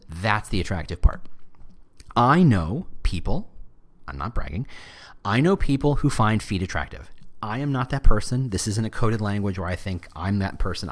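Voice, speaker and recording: A man hosting a podcast, talking alone in a loose, joking, conversational way. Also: on the low side. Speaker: podcast host. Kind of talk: solo podcast monologue.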